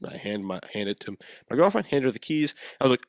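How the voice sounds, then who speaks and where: A young man hosts his own podcast and tells a story in a loose, animated way. His pitch swings a lot while he laughs and stumbles over repeated words. The sound is dry and close, with almost no room in it. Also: quick pace, no echo. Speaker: podcast host. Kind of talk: casual storytelling monologue.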